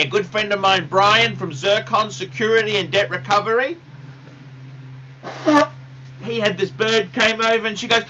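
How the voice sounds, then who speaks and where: Excitable guy hosting a livestream, high voice, unhurried, keeps repeating himself. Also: slight background noise, low-quality recording. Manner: enthusiastic, repeats words and phrases. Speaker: livestream host. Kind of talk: casual livestream chat answering viewer questions.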